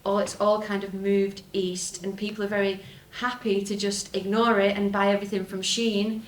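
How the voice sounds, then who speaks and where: A woman's voice: medium pitch, level tone, moderate pace. A young woman with a Lancashire accent giving a talk at a folk festival, with a wry, self-mocking humour and laughing asides. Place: festival talk venue, indoors. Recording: echoey room from a live talk.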